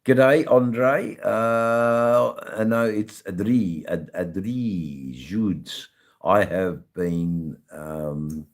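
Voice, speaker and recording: Slow, deep-voiced Australian man. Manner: halting, many ums and repeated words; swears casually. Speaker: livestream host. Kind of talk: casual livestream chat with viewers.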